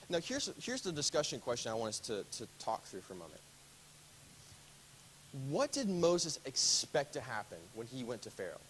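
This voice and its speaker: Lively man leading a Bible class. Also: mid-range voice, brisk, a little hiss or hum, low-quality recording. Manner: conversational, asks the class questions. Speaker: Bible study teacher. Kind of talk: casual classroom Bible teaching.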